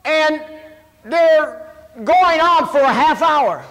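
A man preaching a sermon and telling animated, self-mocking personal stories. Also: very high-pitched, extremely slow. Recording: long hall reverb.

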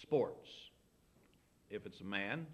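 A man's voice: fairly low pitch, animated, takes it slowly. A middle-aged man giving folksy, anecdotal advice as a pastor, acting out bits of dialogue as he teaches. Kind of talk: folksy sermon talk.

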